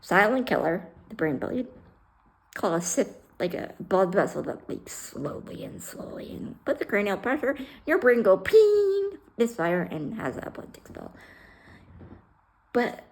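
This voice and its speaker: A woman's voice: medium pitch, big pitch swings, moderate pace, creaky. A woman, a retired fire rescue worker, telling her own story in a casual vlog, blunt and candid, swearing and mixing humor with raw emotion. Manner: retells scenes by acting out both sides of conversations.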